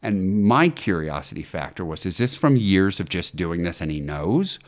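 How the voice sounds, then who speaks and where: A man who acts and teaches acting, telling stories in an interview with animated delivery and frequent fillers and restarts. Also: deep voice, normal speed. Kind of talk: conversational interview storytelling.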